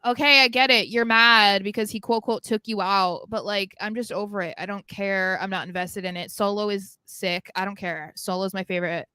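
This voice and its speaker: Bright-voiced woman podcast co-host. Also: medium pitch, steady tone, moderate pace, hardly any pauses, clear, resonant tone, dry recording. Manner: chatty, laughs often, blunt opinions. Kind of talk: casual podcast chat.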